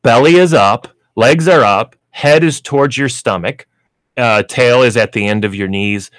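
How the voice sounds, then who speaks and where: An unhurried man with a medium-pitched voice gives radio pet advice as host of a pet store show, rambling chattily with plenty of fillers about training pets. The recording is dry and made in a radio studio.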